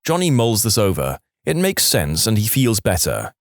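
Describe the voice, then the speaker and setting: A man's voice: on the low side, normal speed, dry recording, clean studio sound. A man reading a string of jokes aloud as a storyteller, voicing the characters as he goes. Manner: lively, voices the characters. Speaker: joke storyteller.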